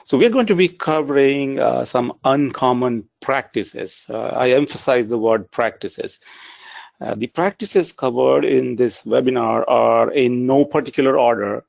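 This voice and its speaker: A man's voice: medium pitch, unhurried, gravelly, darkish tone, no room sound. A man giving a webinar presentation in an earnest tone, with frequent filler sounds. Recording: dry, dull lo-fi webinar audio.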